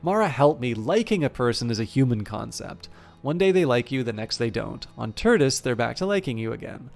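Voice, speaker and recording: A man's voice: mid-range voice, big pitch swings, brisk, creaky, darkish tone, faint music behind. A man voicing a proud, hot-tempered male elf warrior who swears oaths and speaks sardonically. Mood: wry.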